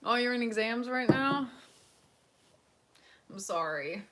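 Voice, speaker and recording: A woman's voice: fairly high pitch, lively intonation, slow pace, noisy background. A young woman from the United States chatting casually with her live viewers, rambling with lots of fillers and wandering off topic. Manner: rambling, many fillers, drifts between topics and languages. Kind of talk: casual chat.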